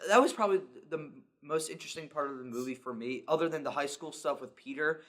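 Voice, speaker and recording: Excitable young man rambling about a movie. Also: a little high, fast. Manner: excitable, rambling, acts out scenes. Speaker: podcast co-host. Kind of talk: casual movie review chat.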